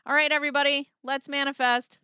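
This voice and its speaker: A woman's voice: sits high, flat delivery, quick pace, sharp tone, dry recording, clean studio sound. A woman chatting casually on a livestream, reading viewer comments and joking sarcastically, with frequent laughter.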